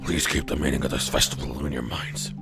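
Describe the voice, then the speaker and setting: Man doing a deep teacher voice, slow, solemn, lecturing the class, visual novel game. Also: flat delivery, gravelly, music in the background. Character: stern older male teacher lecturing class.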